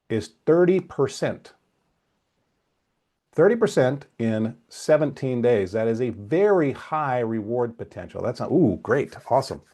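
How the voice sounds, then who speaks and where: A man coaching an options trading webcast, talking straight to his viewers, asking questions and then answering them. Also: medium pitch. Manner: lively, talks to viewers directly, asks and answers questions. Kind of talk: webcast lesson.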